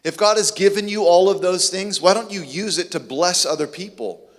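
A man's voice: high-pitched, moderate pace, long reverb tail. A man preaching a sermon with emphatic, rhetorical questions. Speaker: pastor.

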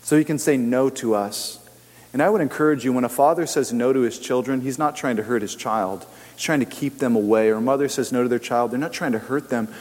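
A man preaching a sermon in a lively, animated way, acting out the voices of people in his stories. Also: medium pitch, a little fast. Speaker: pastor. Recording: long hall reverb.

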